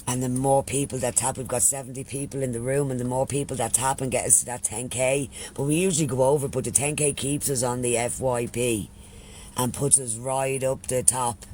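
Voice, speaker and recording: A man's voice: medium pitch, fairly even intonation, a little fast, a little mellow, slight background noise. An Irish man chatting casually on a live stream, swearing freely and thanking followers by name. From Ireland.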